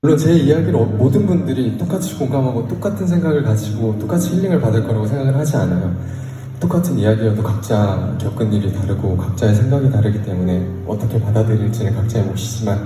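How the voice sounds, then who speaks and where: A man on stage speaking earnestly to a concert audience. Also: lowish voice. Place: concert venue. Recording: distant concert recording in a big hall.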